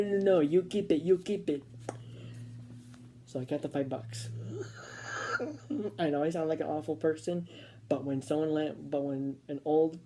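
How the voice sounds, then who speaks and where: Low-voiced woman rambling through a story. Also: dark tone, a little hiss or hum. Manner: rambling, lots of fillers and restarts. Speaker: vlogger. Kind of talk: casual storytime.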